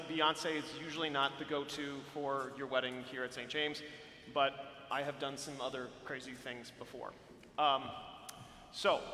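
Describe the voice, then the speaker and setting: Bright-voiced man in an echoey church. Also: fairly high pitch, slight background noise. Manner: friendly, rambling, many fillers and restarts. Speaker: church music director. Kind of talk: live-streamed informational talk. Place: large church interior. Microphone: handheld or stand microphone. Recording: echoey hall, faint room ambience.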